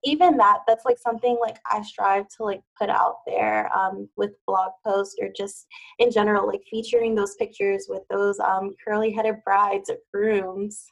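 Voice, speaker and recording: A woman's voice: medium pitch, steady tone, moderate pace, creaky, rough recording. A woman who is a wedding planner, talking casually as a podcast guest and filling her speech with "like.". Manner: chatty, with many "like" fillers. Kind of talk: casual interview chat.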